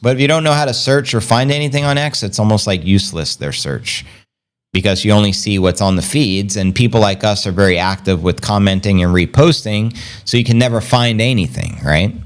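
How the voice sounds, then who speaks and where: A man hosting a casual livestream, rambling upbeat and slangy, reading out viewer comments and giving shout-outs. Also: lowish voice, a little fast. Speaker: crypto livestream host.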